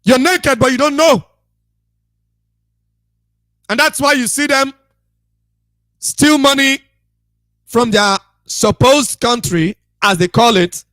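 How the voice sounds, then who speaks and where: A man delivers a scolding radio monologue like a preacher, repeating his points with emphasis. His voice sits very high and sounds bright and forceful. The sound is dry and close, with no room around it. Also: takes it slowly, pauses often, dry recording. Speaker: radio broadcaster.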